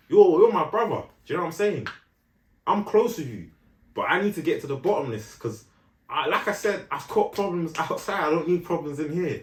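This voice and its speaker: A man's voice: mid-range voice, reverberant. A young man telling a story in casual podcast chat, full of slang and "do you know what I'm saying" asides. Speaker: podcast co-host.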